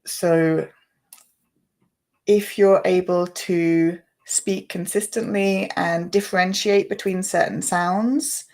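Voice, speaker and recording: A woman teacher explaining pronunciation in a patient, measured way as a guest in a conversation. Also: fairly low pitch, fairly even intonation, darkish tone. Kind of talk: explanatory chat.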